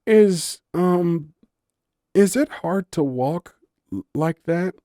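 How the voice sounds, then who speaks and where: A man's voice: mid-range voice, sing-song, measured pace, a little mellow, no room sound, studio quality, voice pushed up. A man voicing a grumpy, sarcastic young human woman in an audiobook story, blunt and exasperated. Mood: nervous.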